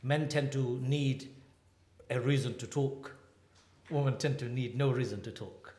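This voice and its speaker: A man in his fifties, an imam and marriage counselor, giving a humorous lecture as an animated, joking storyteller. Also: mid-range voice, unhurried. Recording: echoey hall.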